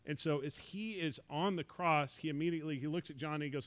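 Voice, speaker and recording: A man's voice: fairly high pitch, quick pace, hardly any pauses, fairly bright tone. A man giving a casual Bible teaching talk, conversational and full of "right?" asides, acting out quoted speech. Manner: acts out quoted speech in dialogue.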